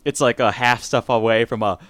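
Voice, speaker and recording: A man's voice: medium pitch, fairly even intonation, fairly quick, fairly bright tone, no echo. Chatty guy on a podcast, laughs a lot, dry close sound. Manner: laughs often, rambling. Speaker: podcast co-host. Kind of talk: casual chat.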